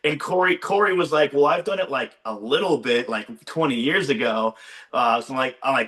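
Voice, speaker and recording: A young man, a former game show contestant, chatting on a video call and excitedly retelling his experience with lots of "like.". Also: medium pitch, normal speed. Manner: excitable storyteller, heavy use of "like". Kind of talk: casual chat on a video call. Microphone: video call microphone.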